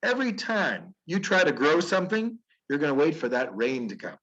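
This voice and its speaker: A stern, emphatic God, played by a man telling a story, speaks in a raised, swooping voice that scolds and insists over and over. The tone is husky, and the sound comes through dull and lo-fi. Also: a little high, big pitch swings, moderate pace, a bit bright. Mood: earnest, admonishing. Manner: emphatic, scolding, pleading repetition. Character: God, stern yet caring, speaking to humans.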